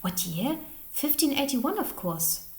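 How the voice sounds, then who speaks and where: A woman's voice: high voice, very animated, a little slow, darkish tone, voice pushed up, heavily acted. A woman reading the part of a cheeky, brave boy from long ago, in a roomy-sounding recording. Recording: roomy echo.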